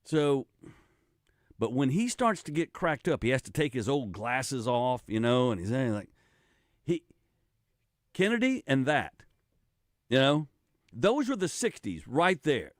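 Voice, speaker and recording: A man's voice: mid-range voice, measured pace, long pauses, dry recording, studio quality. An older man hosting a radio talk show, talking casually in a rambling way with many restarts. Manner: rambling, animated, with frequent restarts and laughs. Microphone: studio microphone.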